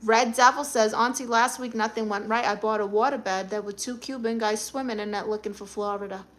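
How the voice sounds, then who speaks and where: A woman's voice: on the high side, steady tone, a little fast, fairly bright tone. A middle-aged woman with a Brooklyn accent, hosting a live stream and reading chat comments aloud with blunt, sassy comebacks.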